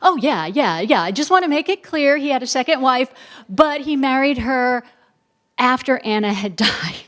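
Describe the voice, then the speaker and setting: A middle-aged woman historian, a guest speaker who answers audience questions with animated, emphatic storytelling and asides. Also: sits high, normal speed.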